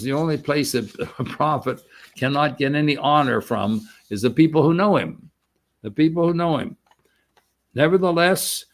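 A man preaching a sermon in a conversational way, often restarting his sentences and slowing down to read scripture with emphasis. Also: medium pitch. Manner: reads scripture slowly and emphatically.

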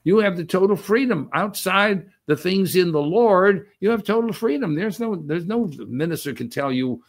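A man's voice: sits high, lively intonation, moderate pace. An older man giving a conversational sermon as a minister, repeating phrases and using fillers. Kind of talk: sermon teaching.

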